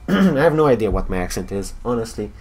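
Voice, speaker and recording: A man's voice: fairly low pitch, sing-song, moderate pace, a little mellow, slightly rough, soft background music. Hesitant Romanian-accented man streaming a game. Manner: hesitant, many fillers, wry. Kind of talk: casual gameplay streaming.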